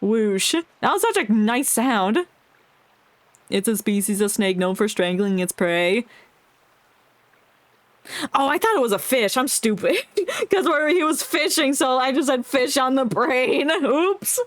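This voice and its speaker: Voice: high voice, animated, a little slow, long pauses, no echo. A streamer giving casual gameplay commentary, joking and reading dialogue aloud. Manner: jokey, reads dialogue aloud, laughs often.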